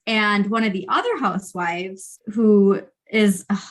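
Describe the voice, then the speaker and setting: A woman's voice: mid-range voice, measured pace. A woman co-hosting a podcast in casual chat, telling stories and acting out quotes with animation. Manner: animated storytelling, acts out quotes. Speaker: podcast co-host.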